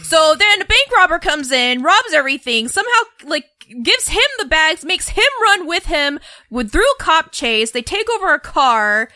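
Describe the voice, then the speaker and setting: A woman talks bluntly in a casual podcast chat, exasperated and quick to swear. Her voice is high and bright with a sharp edge, and it sounds dry and close. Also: lively intonation, dry recording. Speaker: podcast co-host.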